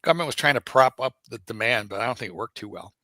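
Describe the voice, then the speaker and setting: A man co-hosts a casual livestream and teases his partner with lively banter and frequent laughter. His voice is bright, slightly high and swings widely in pitch, recorded close and dry. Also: fast talker, no echo. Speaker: livestream co-host.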